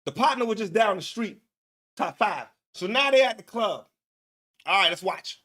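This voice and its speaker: Man, very high voice, excitable, slangy, casual commentary. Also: normal speed. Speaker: co-host.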